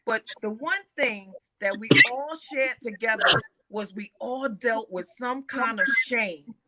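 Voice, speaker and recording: A woman performer on a panel, telling animated anecdotes in casual chat. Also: on the high side, takes it slowly, a loud crowd, rough recording.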